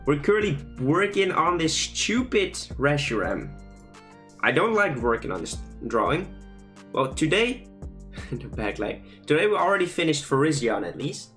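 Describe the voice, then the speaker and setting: A man's voice: mid-range voice, sing-song, moderate pace, a bit bright, faint music behind. A young man casually chatting and joking with his chat as he draws live. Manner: playful, joking, reads chat aloud. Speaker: streamer drawing fan creatures live. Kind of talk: casual livestream chat while drawing.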